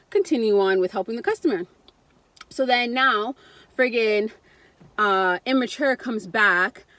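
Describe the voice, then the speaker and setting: A young adult woman vlogger telling a casual story, blunt and profane, acting out what other people said. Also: medium pitch.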